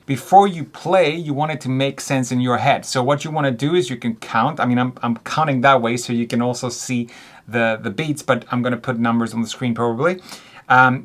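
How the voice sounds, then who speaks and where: A man teaching songwriting in a relaxed way, counting beats aloud and singing short examples. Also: mid-range voice. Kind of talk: music lesson.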